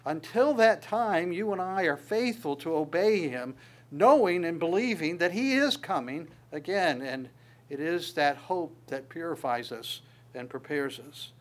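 An earnest male preacher with a slightly high voice delivers a sermon. He swells louder on scripture quotes and drops to a soft voice on asides. He often restarts phrases by repeating a word. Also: expressive, unhurried. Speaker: pastor.

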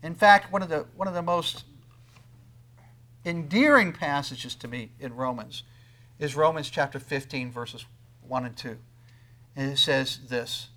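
A man preaching a sermon, swinging between loud emphatic lines and quiet asides, and acting out the voices of the people he quotes. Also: medium pitch, unhurried, long pauses. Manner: acts out quoted speakers in conversational tones. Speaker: pastor.

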